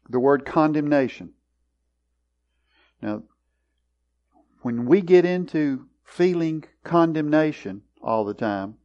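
Male Bible study teacher, slow and methodical, clears throat often, dull lo-fi recording. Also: medium pitch, a little mellow. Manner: deliberate, explanatory, often clears his throat.

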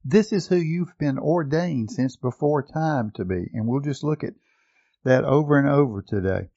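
A man's voice: medium pitch, normal speed, mellow, no echo, highs cut off. A man preaching a sermon, reading scripture aloud with rising emphasis and asking his listeners questions.

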